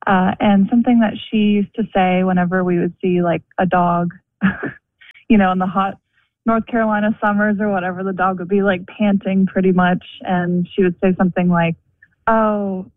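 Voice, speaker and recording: A woman's voice: medium pitch, dry recording. Young woman caller, talkative storyteller, heard over a tinny phone line. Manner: chatty, many "like" fillers, quick storytelling. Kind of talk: phone-in call. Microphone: telephone.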